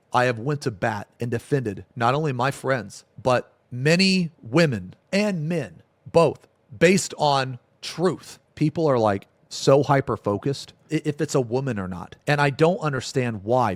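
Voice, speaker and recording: Streamer, man, heated rant; fairly high voice, very animated, swears freely, bone-dry close mic. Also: no room sound. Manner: indignant, swears a lot, pitch jumps up when angry; calls listeners "bro" and "man".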